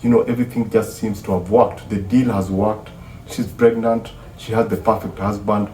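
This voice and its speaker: A man retelling a film plot in a casual, animated way, acting out the characters' dialogue. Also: lowish voice, moderate pace, a little hiss or hum. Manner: animated storyteller who acts out the dialogue. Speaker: film reviewer. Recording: roomy, distant mic, faint ambience.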